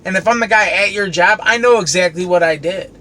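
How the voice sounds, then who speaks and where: Over a steady backdrop of traffic and passing cars, a commercial kitchen cleaner vents at a brisk pace. His voice sits high, and his rant is heated, sarcastic and full of profanity.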